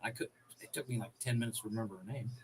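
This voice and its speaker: A man's voice: on the low side, steady tone, rapid-fire. A man in his thirties co-hosting a casual podcast chat, laughing often and acting out voices in his stories. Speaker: podcast co-host.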